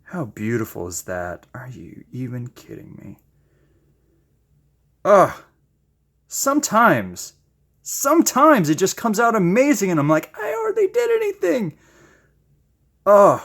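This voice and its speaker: A man chatting casually while he paints, gushing with excited exclamations and making self-deprecating asides. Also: on the high side, slow, long pauses. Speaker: paint-pouring channel host.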